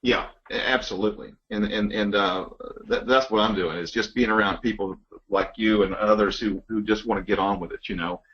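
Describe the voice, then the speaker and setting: A man who works as a loan officer, speaking in a reflective, measured way in a casual business conversation. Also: lowish voice, fairly even intonation, a bit bright. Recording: dull lo-fi.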